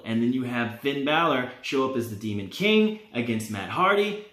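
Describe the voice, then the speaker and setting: A man hosting a wrestling vlog, talking in an animated, opinionated way and laughing now and then. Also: medium pitch, moderate pace. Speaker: wrestling vlogger. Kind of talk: casual fantasy-booking talk. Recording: roomy, echoey.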